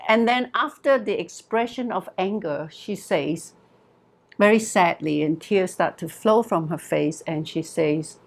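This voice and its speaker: A woman therapist with a slightly low voice tells a story from her practice. She speaks in an earnest, measured way, letting each point land. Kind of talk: recounting a client story in a talk.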